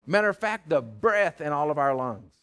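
A man preaching a sermon, folksy and teasing, swinging from loud to hushed. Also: fairly high pitch, big pitch swings, moderate pace, clear, resonant tone. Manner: plain-spoken, folksy, teasing.

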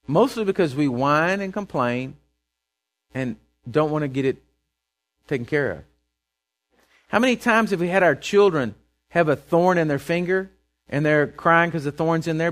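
A man's voice: sits high, normal speed, pauses often. A pastor preaching a sermon from a church pulpit in plain, folksy words, acting out the voices of the people he describes. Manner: animated, acts out voices of people he quotes.

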